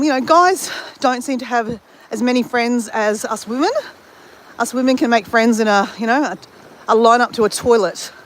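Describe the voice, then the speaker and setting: An Australian woman chatting to her live-stream viewers while she walks along a beach at sunrise. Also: on the high side. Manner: chatty, greets viewers, talks while walking. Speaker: livestream host. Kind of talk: casual live-stream chat while walking. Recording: faint outdoor background noise.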